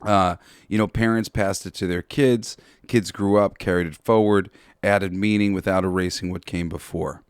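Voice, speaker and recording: A man hosting a podcast in a casual commentary style. He talks in an earnest, halting way, restarting often, and swears bluntly now and then. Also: low-pitched, fairly even intonation, clean tone, no room sound, studio quality. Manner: halting and tongue-tied, with frequent restarts. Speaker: podcast host.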